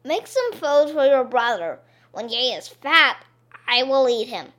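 A woman voicing a wicked, greedy old witch in a storybook reading, drawing her words out slowly. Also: fairly high pitch, big pitch swings, bright, forceful tone, heavily acted. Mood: menacing.

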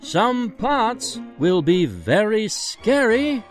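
A man voicing a grand adult stage magician with booming, drawn-out theatrical calls. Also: very animated, soft background music, full character voice.

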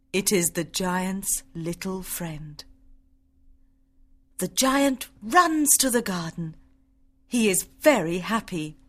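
Woman narrator, slow clear reading for English learners. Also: medium pitch. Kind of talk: graded-reader audiobook narration for English learners.

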